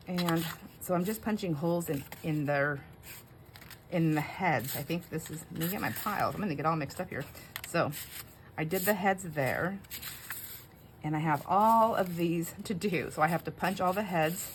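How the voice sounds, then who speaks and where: A woman's voice: low-pitched, background noise. A woman hosting a casual craft chat at home, talking in a rambling, chatty way with many fillers. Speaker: craft channel host.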